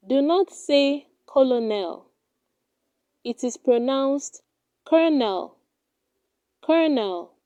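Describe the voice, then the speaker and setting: High-pitched woman reading a pronunciation drill super slow, says every word twice, mellow tone. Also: clear, resonant tone, no echo. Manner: deliberate, repeats each word twice. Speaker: pronunciation teacher.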